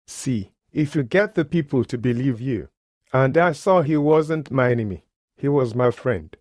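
A man's voice: medium pitch, expressive, a little slow, darkish tone, no echo. Male preacher, earnest storyteller, mid-range voice, dry close sound. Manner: earnest, plain-spoken, colloquial grammar. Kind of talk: sermon testimony storytelling.

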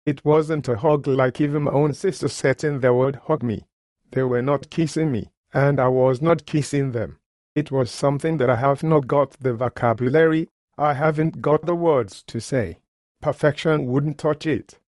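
A man's voice: medium pitch, darkish tone, no echo, clean studio sound. Folksy man preaching a story. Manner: folksy, nonstandard grammar. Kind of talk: sermon storytelling.

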